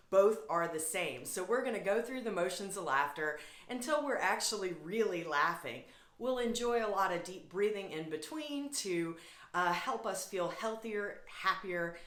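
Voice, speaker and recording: A woman's voice: on the low side, a bit bright, reverberant. A woman from Atlanta, Georgia, leading a guided laughter yoga class in a cheerful, inviting way. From Atlanta, Georgia, USA. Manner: cheerful, inviting instructor who chants and laughs along.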